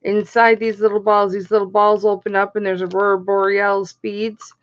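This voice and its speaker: A woman's voice: medium pitch, little pitch movement, moderate pace, dull audio. A woman hosting a live online jewelry auction, chatting casually and calling out bidders by name as she counts down the bids. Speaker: auction host.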